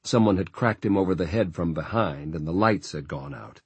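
A man narrating an audiobook in a measured, even storytelling manner. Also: low-pitched, husky, dry recording. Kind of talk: scripted narration.

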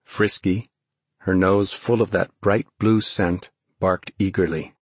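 A man narrating a novel as an audiobook, in a measured, even storytelling way. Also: deep voice, husky, no echo. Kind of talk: scripted narration.

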